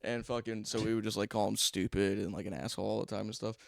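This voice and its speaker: A man's voice: on the low side, fast, vocal fry, dry recording, studio quality. A young man co-hosting a podcast, telling stories in a casual chat, laughing often and swearing freely. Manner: laughs through his stories, profane and animated. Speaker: podcast co-host. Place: podcast studio. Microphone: studio microphone.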